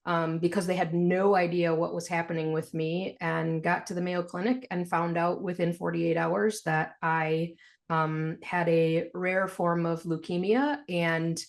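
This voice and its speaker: A woman, a podcast guest, telling her story in a frank, animated way and laughing through hard memories. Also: on the low side, creaky. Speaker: podcast guest, financial planner. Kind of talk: candid storytelling interview.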